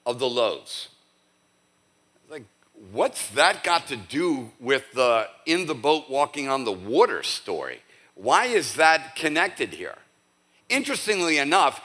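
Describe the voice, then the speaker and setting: A male pastor giving a conversational, animated sermon with casual asides to his church. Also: on the high side. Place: church sanctuary.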